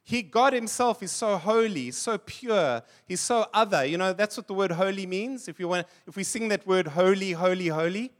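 High-voiced man preaching. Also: expressive, moderate pace, few pauses. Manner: conversational preaching, tells funny anecdotes and laughs. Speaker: pastor. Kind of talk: sermon.

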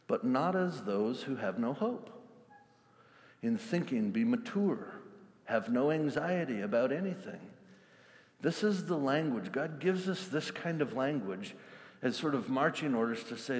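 A man's voice: medium pitch, unhurried. Intense male preacher in reverberant hall. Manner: intense, animated, acts out scenes. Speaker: pastor. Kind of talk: sermon.

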